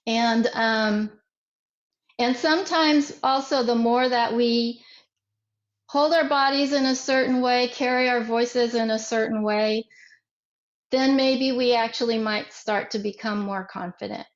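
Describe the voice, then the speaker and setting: A woman leads a self-defense workshop in a slow, deliberate way, circling back and restarting her phrases. Her voice sits a little high. The recording is roomy and echoey, and the sound is dull and muffled. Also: fairly even intonation. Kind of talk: workshop instruction. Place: online workshop.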